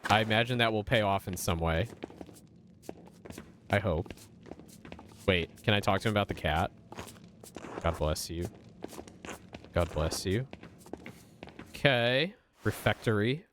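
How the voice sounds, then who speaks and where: A man's voice: lowish voice, expressive, a little slow, long pauses, fairly bright tone, a little hiss or hum. A man streaming a story game, chatting to himself and reading the game's lines aloud. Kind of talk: casual gameplay commentary, reading dialogue aloud.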